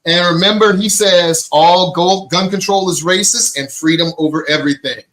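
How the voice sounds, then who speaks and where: A man's voice: high voice, normal speed, fairly bright tone, rough recording. A middle-aged man co-hosting a casual talk show, joking and laughing often. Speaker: co-host. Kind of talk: casual chat.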